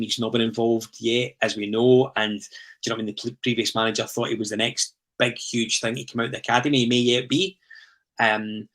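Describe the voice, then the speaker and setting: A middle-aged man hosting a football podcast, asking questions in a halting way with many restarts. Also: medium pitch, a bit bright. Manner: hesitant, restarts and "um" while framing questions. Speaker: podcast host. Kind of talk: casual football podcast chat.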